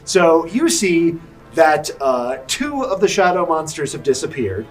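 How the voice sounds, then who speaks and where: A man running a tabletop game as dungeon master, narrating with a relaxed, laughing manner. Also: fairly high pitch, a little slow. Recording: distant mic with background music.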